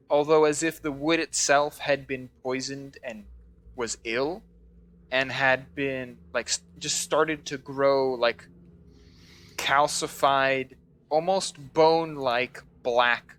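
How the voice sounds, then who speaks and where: A man narrating a tabletop game as game master, describing items slowly and searching for words. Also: mid-range voice, fairly even intonation, a bit bright.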